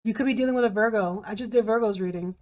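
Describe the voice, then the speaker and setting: This tarot reader talks to camera at a racing clip in a mid-range, darkish voice. She is blunt and emphatic, says things more than once, and swears without restraint.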